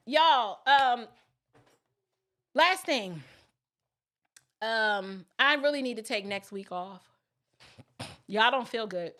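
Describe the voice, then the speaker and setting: A middle-aged woman raised in New York City chats folksily and directly to viewers while hosting a casual livestream. Her voice is medium-pitched with a fairly bright tone.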